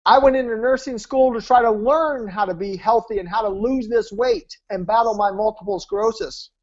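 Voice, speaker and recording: A stubborn, skeptical woman nurse who refuses to be convinced, quoted by a man in his own voice. She sounds flat and dismissive. The audio is dull and lo-fi. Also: high voice, normal speed.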